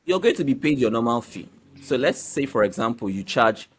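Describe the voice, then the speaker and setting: A man's voice: mid-range voice, brisk, a little hiss or hum. A man, a voiceover artist, explaining his trade in a casual interview. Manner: explanatory, animated.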